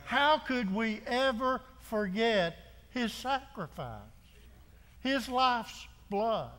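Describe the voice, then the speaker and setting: Man, pastor's sermon, high voice, rhetorical questions, long church echo. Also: a bit bright. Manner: repeated rhetorical questions, earnest preaching with restarts. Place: church sanctuary.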